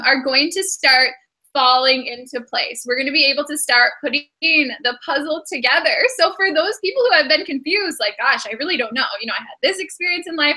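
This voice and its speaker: A woman's voice: sits high, pushed and bright. A woman giving a casual tarot and astrology reading, chatty and often breaking into giggles. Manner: giggly, chatty, many fillers.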